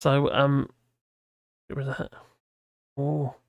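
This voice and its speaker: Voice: medium pitch, monotone, takes it slowly, no room sound. A tired stream host with a mumbling, rambling manner and many restarts, chatting casually and reading out comments.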